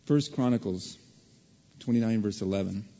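Husky-voiced pastor preaching in a hall. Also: male voice, fairly low pitch, moderate pace. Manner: storytelling, animated, acts out voices. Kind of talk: sermon. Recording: dull, reverberant hall recording.

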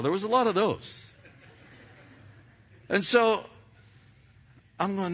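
Halting, bright-voiced man preaching. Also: high-pitched, slightly rough, highs cut off. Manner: halting, repeats words, animated storyteller. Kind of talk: sermon storytelling.

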